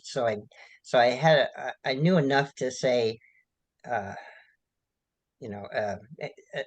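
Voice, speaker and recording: A man, an author being interviewed, answering in a halting, rambling way with many restarts and fillers. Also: medium pitch, rough recording. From United States.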